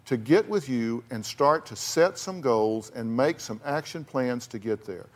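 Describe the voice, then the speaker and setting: Here a man hosts a talk show, his medium-pitched voice expressive and unhurried. He confronts guests with blunt on-stage counseling, speaking emphatically, saying things more than once, and dropping folksy phrases.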